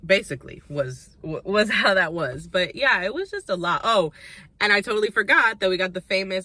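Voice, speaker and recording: A young woman with a bright, forward voice gives a casual recap of a reality dating show. She is chatty and sassy, with plenty of blunt opinions and asides. Her pitch sits in the middle of the usual range. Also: lively intonation, normal speed.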